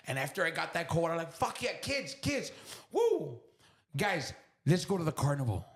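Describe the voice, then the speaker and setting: South texas guy telling a raw personal story, swears a lot, goes from whispering to loud, kinda high raspy voice. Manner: raw, profane, swinging from hushed whispers to loud bursts. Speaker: podcast guest. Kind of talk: emotional storytelling.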